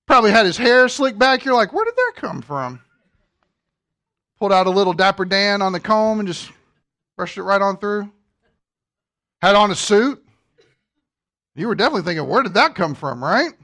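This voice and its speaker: A high-pitched man delivers a sermon from the pulpit. He teaches with emphatic swings from loud to hushed and keeps putting questions to the congregation. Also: moderate pace, long pauses. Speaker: pastor.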